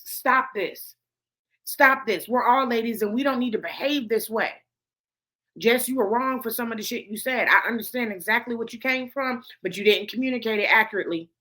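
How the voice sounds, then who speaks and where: Pitched fairly high and slightly bright, this woman's voice belongs to a gossip commentary show host. She addresses the camera bluntly, swearing heavily and saying her points again to drive them in.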